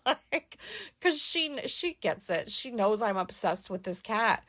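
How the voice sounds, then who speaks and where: A woman's voice: a little high, expressive, slow. Rambling, teary woman podcaster. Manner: rambling, hesitant, many fillers and restarts, swears casually. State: sad, teary. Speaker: podcast host. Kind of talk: casual personal monologue.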